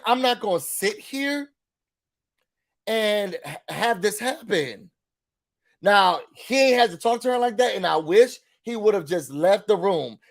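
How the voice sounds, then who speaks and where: A man with a noticeably high voice, talking through a casual rant. He sounds emphatic and frustrated, and he keeps circling back to say the same points again. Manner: emphatic, repeats his points, vents frustration. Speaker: YouTube reality TV commentator.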